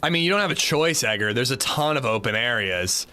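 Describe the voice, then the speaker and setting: Lively, bright-voiced man streaming a game. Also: mid-range voice, a little fast. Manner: rambling and chatty, swears casually, full of "like". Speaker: livestreamer. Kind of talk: casual gameplay commentary.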